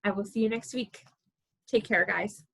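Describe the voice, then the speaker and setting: A woman librarian reading a picture book aloud to preschoolers, animated and playful, asking the children questions as she goes. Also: mid-range voice, normal speed, gravelly, slightly rough, rough recording.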